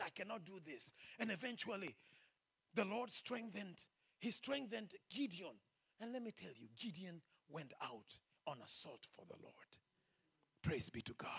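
A man preaching a sermon, impassioned and rising to shouts. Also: high-pitched, husky.

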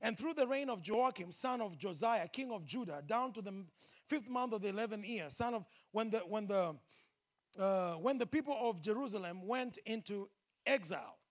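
A man preaching a sermon, impassioned and rising to shouts. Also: high-pitched, animated, normal speed.

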